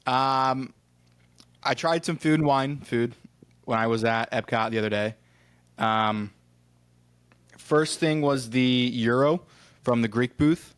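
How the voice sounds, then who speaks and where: A man from Ohio co-hosts a casual podcast, telling long rambling stories. His voice sits at an ordinary middle pitch. He acts out the people he met and drops in the odd swear word. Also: slow pace, pauses often, fairly bright tone, smooth. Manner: rambling storyteller who acts out quoted exchanges, swears casually. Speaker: podcast co-host. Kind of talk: casual chat.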